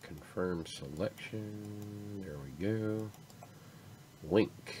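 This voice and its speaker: A man's voice: sits low, measured pace, a little hiss or hum. A man hosting a livestream, chatting casually in a rambling, laid-back way that often trails off. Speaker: stream host.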